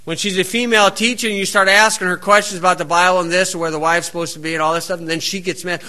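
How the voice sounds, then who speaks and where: A man preaching a folksy sermon, reading scripture slowly and then drifting into plain-spoken anecdotes. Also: high voice, fairly even intonation, pushed and bright.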